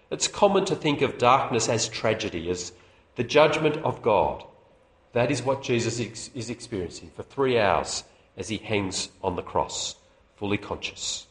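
A man preaching a sermon to a public meeting, expressive, with rhetorical questions and small chuckles. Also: medium pitch. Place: meeting hall. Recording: echoey room.

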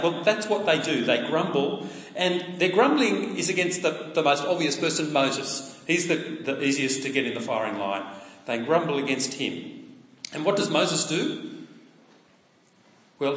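A man preaching a sermon in a conversational way, asking his listeners rhetorical questions. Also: on the high side. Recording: echoey hall with long reverb.

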